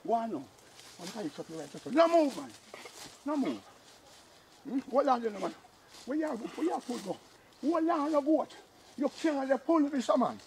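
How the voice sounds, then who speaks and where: A proud, boastful old Jamaican uncle, played by a man blusters and scolds in a strikingly high, reedy voice. He brags about the wars he fought and bosses everyone around, with a faint hiss of noise in the background. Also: sing-song, normal speed, long pauses, darkish tone, heavily acted. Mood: scolding goat. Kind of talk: comic sketch acting.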